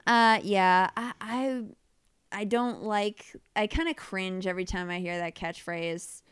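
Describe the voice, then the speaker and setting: A woman in relaxed podcast conversation, wry and quick to giggle, slipping into playful quoted voices. Her voice is exceptionally clear and crisp, recorded close in a dry room. Her talk trails off into soft asides. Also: medium pitch, dry recording. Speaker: podcast co-host. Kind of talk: casual chat.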